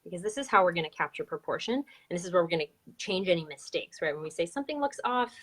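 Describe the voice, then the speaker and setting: A woman's voice: on the low side, animated, quick pace, fairly bright tone. A woman teaching a live online drawing lesson, chatty and upbeat as she explains each step. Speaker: drawing instructor.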